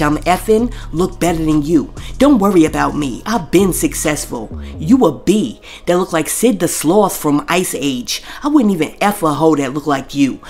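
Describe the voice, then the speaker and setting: A woman's voice: low-pitched, darkish tone. A woman hosting a celebrity gossip show. She talks straight to the viewers and reads posts aloud, spelling out the censored swear words. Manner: chatty, addresses viewers directly. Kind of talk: scripted gossip commentary.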